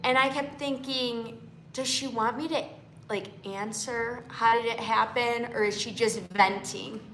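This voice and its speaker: Hosting a livestream, a woman tells a personal story to her live audience at a measured pace, her voice a little high, steady, and a bit bright. She chats and keeps checking in with "okay?" and "you guys." There's roomy echo plus a little hiss or hum.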